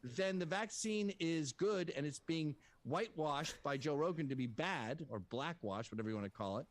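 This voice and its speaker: A man's voice: on the high side, lively intonation, normal speed, dry recording. A man hosting a heated debate, mocking and combative, swearing often. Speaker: show host in a debate. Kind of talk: heated debate on a video call.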